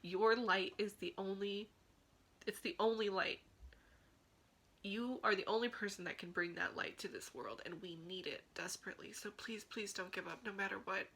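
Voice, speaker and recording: Earnest woman with a bright, forceful voice. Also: mid-range voice, moderate pace, slightly rough, poor audio. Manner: earnest, pleading, encouraging. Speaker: vlogger. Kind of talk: heartfelt talk to camera.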